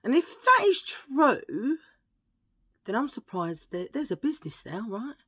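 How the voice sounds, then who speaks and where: A middle-aged woman chatting casually to camera as a vlogger, playful and prone to hushed asides. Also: on the high side, big pitch swings, unhurried, husky, dry recording, studio quality.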